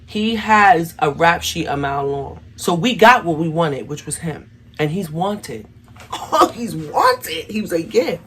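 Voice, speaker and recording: A woman's voice: deep voice, animated, normal speed, fairly bright tone, breathy edge. A young adult woman telling a personal story to her viewers in a casual, chatty way, often calling them y'all. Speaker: vlogger.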